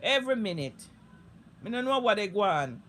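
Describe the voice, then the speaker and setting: A woman's voice: mid-range voice, very animated, moderate pace, a bit bright, a little hiss or hum. A Jamaican woman streaming live on social media, delivering a heated, profane, repetitive rant in thick Patois.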